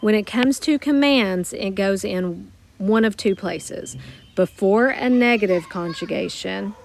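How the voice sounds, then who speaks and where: A woman teaching a recorded grammar lesson, explaining patiently step by step and slowing down to model phrases. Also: medium pitch, vocal fry, darkish tone, a little hiss or hum. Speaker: Spanish teacher.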